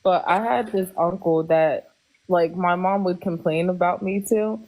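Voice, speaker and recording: A woman's voice: lowish voice, measured pace, darkish tone. A woman in casual chat, a chatty storyteller who laughs easily.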